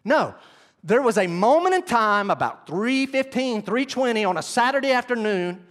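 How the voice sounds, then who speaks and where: Animated preacher, high lively voice. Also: male voice, moderate pace. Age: 40s. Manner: animated, direct, addresses congregation. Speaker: pastor. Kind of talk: sermon.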